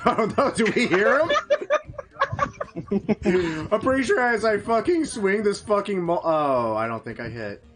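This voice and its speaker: A man at a tabletop game with a bright, lively, fairly high voice that swings all over. He is excitable, laughs a lot and swears freely. Faint music runs underneath. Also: measured pace, pauses often. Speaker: player. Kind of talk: casual tabletop play.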